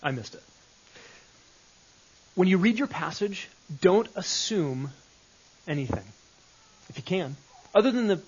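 A man's voice: fairly high pitch, husky. A man leading a live Bible study session, talking conversationally and repeating phrases with shifting emphasis. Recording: dull lo-fi recording.

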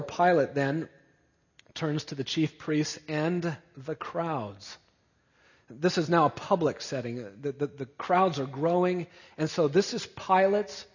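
A husky, fairly high-voiced male pastor preaching an expository sermon and stacking up emphatic repeated phrases. His voice carries a long reverb through a church hall, and the recording sounds dull. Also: darkish tone. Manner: emphatic, building repetition.

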